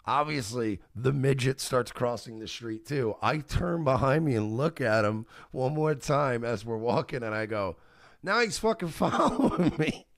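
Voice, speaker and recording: A male radio host telling a story in casual talk, animated, laughing often and swearing. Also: medium pitch, moderate pace, hardly any pauses, dry recording, clean studio sound.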